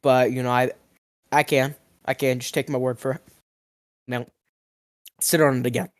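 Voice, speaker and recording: A young man rambles through an absurd tall tale in an ordinary middle-pitched voice. His delivery is mock-outraged, lurching from mumbling to yelling, and his voice cracks now and then. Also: little pitch movement, normal speed. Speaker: food review vlogger. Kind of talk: absurd comedic storytelling.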